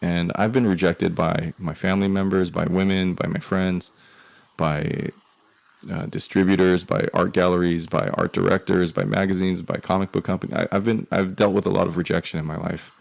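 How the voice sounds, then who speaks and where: Deep, gravelly man in his forties. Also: flat delivery, moderate pace. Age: 40s. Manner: profane, rambling, with muttered asides. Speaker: artist telling a life story. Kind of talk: profane personal storytelling monologue.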